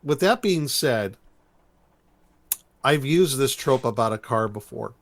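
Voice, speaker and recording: A man co-hosting a podcast, recapping a cartoon episode in rambling, animated casual chat. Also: medium pitch, takes it slowly. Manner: rambling, animated storytelling with laughs. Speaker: podcast co-host.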